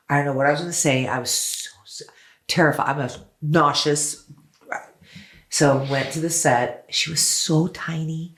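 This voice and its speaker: A woman in her fifties from the United States, a singer chatting as an interview guest, telling lively stories and swearing freely. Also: low voice, normal speed. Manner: animated storyteller, acts out quotes, swears freely. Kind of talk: casual chat.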